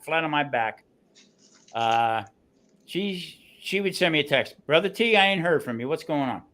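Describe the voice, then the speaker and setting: A man with a New Jersey accent, telling stories in a casual chat, animated and full of restarts. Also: high voice. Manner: animated storyteller, restarts often. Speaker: guest cook on a grilling livestream.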